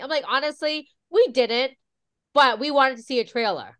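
A woman's voice: high-pitched, brisk, a bit bright, no echo, faint music behind. A woman co-hosting a casual podcast, bubbly and chatty, saying "like" often. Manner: bubbly, peppered with "like". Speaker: podcast co-host.

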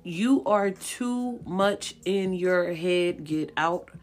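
A woman's voice: fairly low pitch, very slow, soft background music. A woman reading tarot cards for viewers in a casual way. She is blunt, profane and encouraging, and she repeats her points for emphasis. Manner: coaxing and encouraging. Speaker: tarot card reader.

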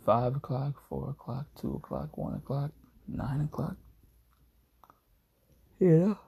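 A man's voice: medium pitch, moderate pace, gravelly, darkish tone, breathy edge. A young man hosting a casual solo podcast from home, groggy and yawning after a nap, rambling in a laid-back, jokey way. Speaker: podcast host.

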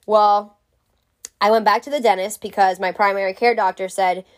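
A woman's voice: medium pitch, steady tone, moderate pace. A woman vlogger telling a story to camera in a casual way. She is frank, jokey and swears freely.

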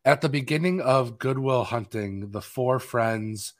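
A man co-hosting a film podcast, talking in a loose, rambling way and pausing often for fillers. His voice sits in a middle range, neither high nor low. He sounds relaxed and conversational. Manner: rambling, chatty, with many fillers. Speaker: podcast co-host. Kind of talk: casual chat.

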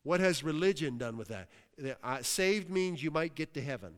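Animated and on the high side, this man's voice moves at normal speed as he preaches. The Western Pennsylvania pastor interjects hallelujahs and engages the congregation, and the recording has a long hall reverb.

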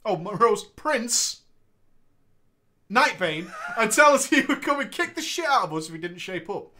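Man, high bright voice, very lively pitch, playful, laughs a lot. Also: moderate pace. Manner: laughs often, playful, expressive. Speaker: co-host reading a story. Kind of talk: casual banter podcast.

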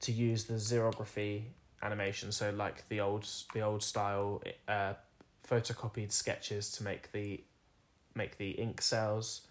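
A man's voice: on the low side, level tone, measured pace. A young man co-hosting a podcast, chatting casually, explaining at length and laughing often. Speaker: podcast co-host.

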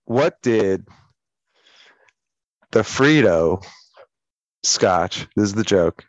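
Crude, sardonic man with a low voice. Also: animated, drawn-out words, no room sound, dull audio. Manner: crude, profane, sardonic storytelling. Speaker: radio co-host. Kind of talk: casual banter.

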